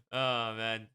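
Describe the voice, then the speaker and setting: Bright, crisp-voiced young man streaming. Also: mid-range voice. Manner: rambling and swears often. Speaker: streamer hosting a watch party. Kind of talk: casual stream commentary.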